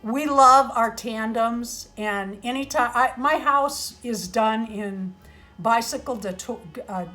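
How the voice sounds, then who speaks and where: A woman's voice: on the high side, slow, few pauses, pushed and bright, soft background music. A middle-aged woman opening handmade doll gifts on a casual vlog, gushing and exclaiming often, sometimes flustered and choked up.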